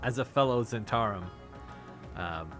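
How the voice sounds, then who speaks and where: A man's voice: mid-range voice, animated, unhurried, over music. A man playing a tabletop game, earnest and slightly hesitant. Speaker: player.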